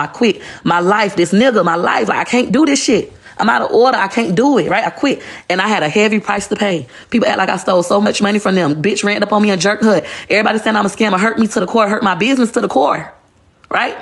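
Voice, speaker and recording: A woman's voice: medium pitch, vocal fry, slightly rough. A woman, ranting bluntly and profanely on a phone livestream. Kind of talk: casual rant on a livestream.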